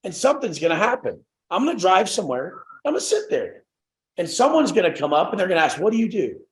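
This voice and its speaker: A brash young man leads a motivational group coaching call, swearing freely and acting out the voices of the people he talks about. His voice sits a little high. The sound is roomy and echoing. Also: big pitch swings, fast talker.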